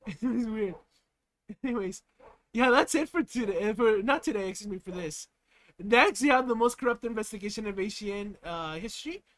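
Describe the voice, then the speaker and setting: A man's voice: high-pitched, animated, normal speed, a bit bright. A young American man chatting on a live stream, giggling often and rambling with plenty of fillers. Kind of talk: casual live-stream reaction chat.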